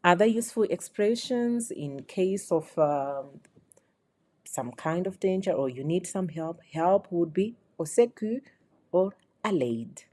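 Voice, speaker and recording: A woman's voice: lowish voice, expressive, takes it slowly, mellow. A woman teaching phrases in a beginner lesson, explaining patiently and repeating each example. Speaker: French teacher.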